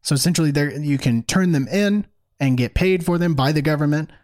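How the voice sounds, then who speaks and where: A man's voice: on the high side, brisk. A man hosting opinionated political commentary in a sarcastic, emphatic way. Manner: sarcastic, mocking; animated, emphatic.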